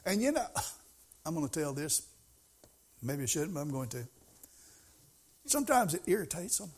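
A man's voice: fairly high pitch, big pitch swings, normal speed, breathy edge. A middle-aged man preaching a sermon as pastor, in a folksy, conversational way that rises to emphasis.

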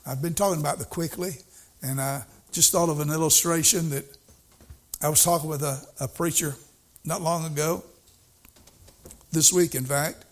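A man's voice: a little high, fairly even intonation, moderate pace, long pauses. A male preacher giving a sermon in a folksy, storytelling way, repeating his points for emphasis.

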